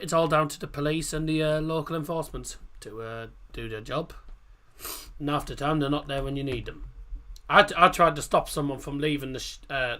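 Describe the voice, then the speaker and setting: A man's voice: fairly high pitch, a bit bright. Chatty man hosting a livestream. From Middlesbrough, England. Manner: rambling, chatty, frequent fillers and restarts. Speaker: livestream host. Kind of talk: casual chat reading live comments.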